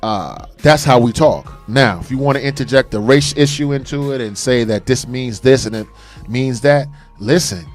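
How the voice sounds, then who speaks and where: A man's voice: mid-range voice, normal speed, faint music behind. A man co-hosting a casual call-in radio talk show, speaking in an earnest, emphatic way. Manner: earnest, emphatic, says "brother". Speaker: co-host.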